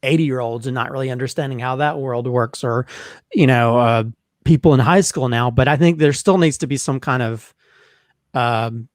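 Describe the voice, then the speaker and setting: A man's voice: medium pitch, moderate pace, no room sound. Rambling man, dry close sound. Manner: rambling, many fillers and restarts. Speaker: podcast co-host. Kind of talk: casual review chat.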